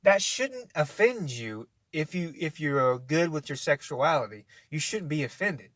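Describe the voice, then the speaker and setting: Man, vlog rant, fairly high voice, dry sound, cursing, restarts, argumentative. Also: sing-song, unhurried, fairly bright tone, no echo. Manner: blunt, profane, rambling with restarts; argumentative, addresses listener directly. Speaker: vlogger. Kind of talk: casual rant to camera.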